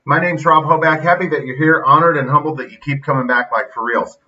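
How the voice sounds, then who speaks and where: A man's voice: on the high side, a little fast, sharp tone, far from the mic. A middle-aged man hosting a casual motivational monologue, blunt and folksy, retelling stories with quoted dialogue. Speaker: podcast host and youth football coach. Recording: dull lo-fi sound, slightly off-mic.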